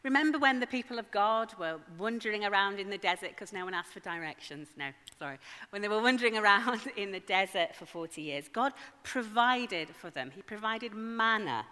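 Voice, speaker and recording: A woman's voice: medium pitch, animated, normal speed, pushed and bright. A woman giving a sermon, conversational with wry asides to her congregation. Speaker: preacher. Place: church. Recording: long hall reverb.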